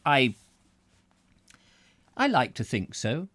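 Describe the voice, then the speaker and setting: A pompous middle-aged spirit medium, played by a man reading aloud. He stumbles over his words before drawing them out slowly with grand self-importance. The voice is raised a little and recorded close and dry. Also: medium pitch, wildly swooping pitch, a bit bright, no room sound, pitched above the performer's own voice, heavily acted. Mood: flustered. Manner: hesitant, stammering, grandly drawn-out.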